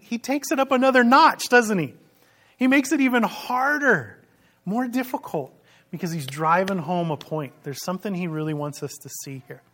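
A man preaching a sermon as pastor, emphatic and full of rhetorical questions. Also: fairly high pitch.

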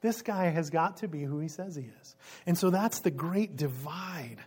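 A preacher giving an expository sermon in a lively way, asking the listeners questions and laughing now and then. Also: mid-range voice, moderate pace, breathy edge.

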